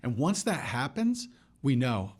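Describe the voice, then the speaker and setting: A man speaking as a real estate broker guest in an interview, agreeable and quick to affirm what the host says. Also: medium pitch, very animated, breathy edge.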